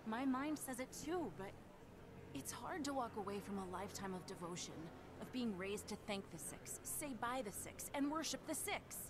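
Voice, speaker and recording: A woman's voice: fairly high pitch, animated, moderate pace, noisy background, close to an everyday voice. An actress voicing a devout young woman in a video game, earnest and conflicted about her faith. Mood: troubled. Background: game music.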